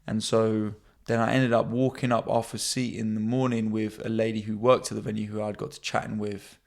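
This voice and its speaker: A young man, a comedian hosting his own podcast, telling stories in a casual, animated way and jumping into high voices when he quotes people. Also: fairly quick, vocal fry. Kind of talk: casual storytelling monologue.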